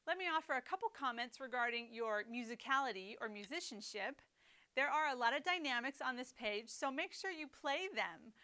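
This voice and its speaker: A woman teaching a snare drum etude, explaining rhythm and phrasing in a clear, methodical way. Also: on the high side, lively intonation, moderate pace, bright, forceful tone. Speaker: percussion teacher. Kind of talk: instructional lesson.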